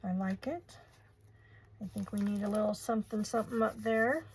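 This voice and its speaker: A woman's voice: medium pitch, moderate pace, a little mellow, breathy edge, poor audio. A woman in her sixties hosting a crafting video, chatting casually and gushing over pretty papers and lace. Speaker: crafting channel host. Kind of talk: casual crafting tutorial chat.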